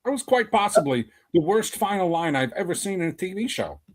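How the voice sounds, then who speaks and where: A man's voice: high voice, very animated, brisk. A man co-hosting a casual podcast, blunt and sarcastic, swearing as he complains. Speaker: podcast co-host. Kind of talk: casual review chat.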